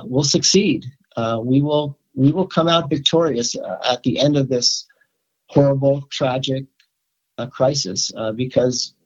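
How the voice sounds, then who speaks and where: An older man speaks as a rabbi in a casual interview, pitched at an ordinary middle height. He stops and restarts often, filling gaps with "um" and "uh". The sound is dull and lo-fi. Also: a little mellow. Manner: halting, many fillers and restarts. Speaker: rabbi, podcast guest.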